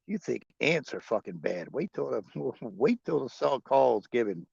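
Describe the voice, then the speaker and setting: A man's voice: mid-range voice, sing-song, takes it slowly, creaky, a little mellow, slightly rough, no room sound, muffled recording. A man hosting a livestream, chatting casually and profanely with viewers and chuckling often. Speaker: livestream host.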